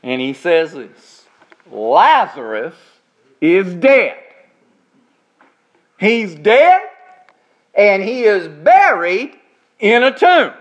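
High-voiced preacher man, slow emphatic delivery. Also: sing-song. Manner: preaching with slow, drawn-out emphasis on key words. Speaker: pastor. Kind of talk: sermon.

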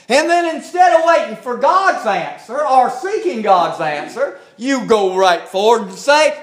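A man preaching a sermon, slow and emphatic, climbing higher when he presses a point. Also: big pitch swings.

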